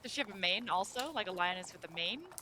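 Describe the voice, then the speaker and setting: A tabletop game player jokes, chips in with questions and then narrates a character's timid moves. The voice is bright. There is a faint noisy ambience behind it. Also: mid-range voice, animated, fast.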